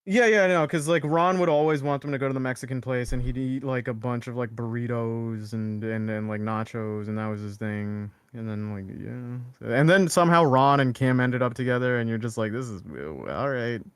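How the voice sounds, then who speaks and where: A man's voice: medium pitch, fairly even intonation, moderate pace, few pauses, clean tone, no echo. A young man chatting casually as co-host, rambling with lots of fillers and restarts. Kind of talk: casual chat.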